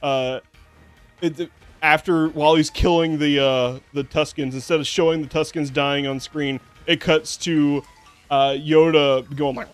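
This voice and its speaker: A man's voice: fairly high pitch, little pitch movement, measured pace, faint music behind. A man streaming a game and chatting casually, rambling with lots of fillers and restarts, sarcastic and swearing now and then. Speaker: VTuber streamer. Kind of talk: casual gameplay commentary.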